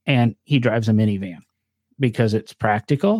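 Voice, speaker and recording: A man's voice: fairly low pitch, moderate pace, a little mellow, slightly rough, no echo, clean studio sound. Chatty man with a northern accent. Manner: rambling, chatty storytelling with many fillers. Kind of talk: casual chat.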